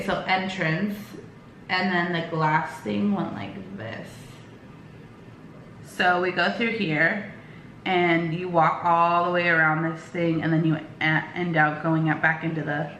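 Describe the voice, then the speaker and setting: A woman's voice: mid-range voice, a bit bright, echoey room, a little hiss or hum. A young woman vlogger telling a personal story in casual chat, rambling with lots of fillers and acting out quoted lines. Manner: acts out quoted lines with quick voice shifts.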